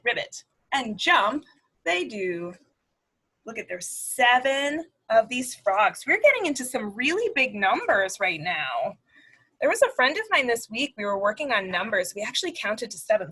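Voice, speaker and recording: A woman speech therapist reading a picture book aloud to preschoolers, animated and sing-song, making animal sounds. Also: fairly high pitch, unhurried, slightly rough, poor audio. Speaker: speech-language pathologist. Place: at home.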